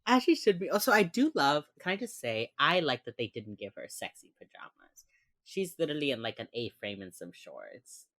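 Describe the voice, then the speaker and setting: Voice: mid-range voice, normal speed, no echo, clean studio sound. A podcast co-host in casual chat, retelling a TV episode scene by scene and acting out the characters' lines. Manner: animated storyteller who acts out the characters' lines.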